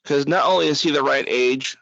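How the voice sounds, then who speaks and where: A man's voice: mid-range voice, a little fast, gravelly, a bit bright, dry recording, dull audio. A man co-hosting a casual podcast chat, blunt and opinionated, laughing often. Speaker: podcast co-host. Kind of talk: casual chat over a call.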